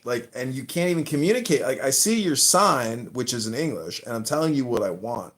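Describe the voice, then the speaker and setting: A man's voice: medium pitch, sing-song, brisk, few pauses, a bit bright. Podcast guy with a mid voice, gross jokes, laughs at his own stuff. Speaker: podcast host. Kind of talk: casual chat.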